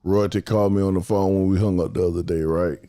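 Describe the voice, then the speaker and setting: A man's voice: deep voice, fairly even intonation, fast talker, warm tone. A man hosting a casual podcast about dog training, talking in teasing, slangy banter.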